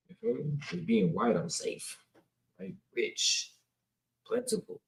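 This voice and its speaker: Slangy man preaching, gravelly voice. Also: a little high, sing-song, a little slow, darkish tone, a little hiss or hum. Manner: conversational, slangy, reads scripture then riffs. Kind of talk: casual Bible teaching. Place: indoors, filming himself on camera. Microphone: camera mic. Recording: roomy echo.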